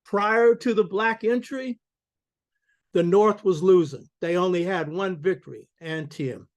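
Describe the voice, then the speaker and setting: Older guy lecturing, preachy and emphatic, keeps asking "you hear me", voice a bit high. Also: unhurried. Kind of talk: public lecture.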